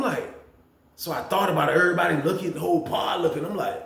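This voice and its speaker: A man hosting a casual storytime, animated and profane, talking straight to his viewers. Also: high voice, brisk, creaky, reverberant. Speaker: storytelling channel host. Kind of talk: casual storytime about prison.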